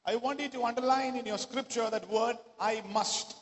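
Man preaching a sermon, really high voice, big echoey church hall, gets shouty. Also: moderate pace. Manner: rises to shouting exclamations.

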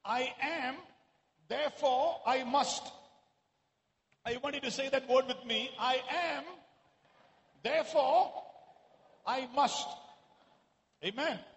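A man preaching a sermon to a congregation in a church, at times raising his voice to a shout. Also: very high-pitched, slow pace, long pauses. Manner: rises to shouting exclamations. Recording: echoey hall.

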